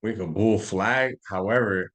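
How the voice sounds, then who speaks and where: A man teaching a casual live trading class, rambling and slangy, thinking out loud as he charts on a shared screen. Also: fairly low pitch, unhurried. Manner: rambling, slangy, talks to himself while charting. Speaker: trading instructor.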